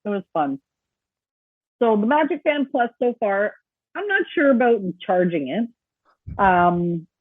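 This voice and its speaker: A woman's voice: medium pitch, husky, no echo. A woman co-hosting a podcast, chatting casually, often laughing and acting out quoted voices. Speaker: podcast co-host. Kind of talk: casual chat. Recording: tinny phone-like remote line.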